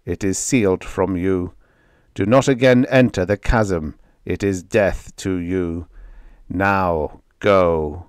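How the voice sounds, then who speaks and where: A man's voice: low voice, slow pace, clear, resonant tone, dry recording, clean studio sound. A man doing a cold Martian judge. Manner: cold, formal pronouncements. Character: cold, cruel Martian judge via mechanical speaker.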